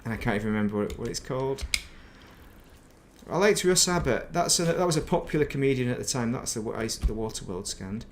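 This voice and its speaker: A man's voice: mid-range voice, animated, brisk, slight background noise. Man rambling on a gaming stream. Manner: rambling and reminiscing, muttering to himself. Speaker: game streamer. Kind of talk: casual gaming stream chat.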